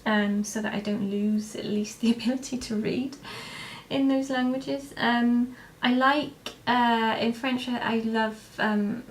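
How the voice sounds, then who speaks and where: A woman's voice: a little high, fairly even intonation, takes it slowly, slight background noise. A young woman vlogger answering viewer questions in a casual, rambling way, with lots of hesitations and restarts. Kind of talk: casual chat to camera.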